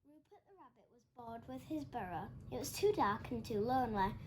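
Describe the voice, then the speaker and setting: A woman reading a children's picture book aloud, lively and animated, giving the characters their own voices. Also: a little high, a little fast, poor audio. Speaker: storybook reader.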